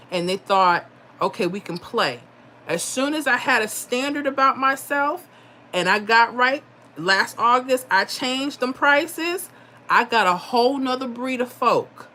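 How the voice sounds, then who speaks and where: A woman's voice: mid-range voice, sharp tone, slight background noise. A middle-aged woman hosts a live stream in a casual, chatty way, reading viewer comments aloud. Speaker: livestream host giving lottery picks. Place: home.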